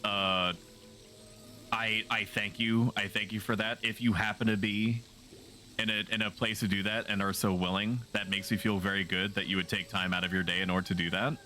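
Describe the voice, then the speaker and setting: A man's voice: on the low side, little pitch movement, moderate pace, sharp tone, slight background noise. A man livestreaming a video game, chatting casually with his viewers in a playful, rambling way and often poking fun at himself. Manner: playful, rambling, self-mocking jokes. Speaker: streamer. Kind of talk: casual gaming livestream chat.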